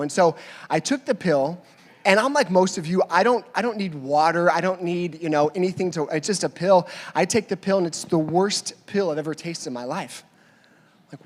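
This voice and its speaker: A male pastor preaching a sermon, telling a funny story with lively back-and-forth dialogue and then reading scripture. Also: high voice, a little fast. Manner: animated storytelling, acting out both sides of a dialogue. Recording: hall reverb.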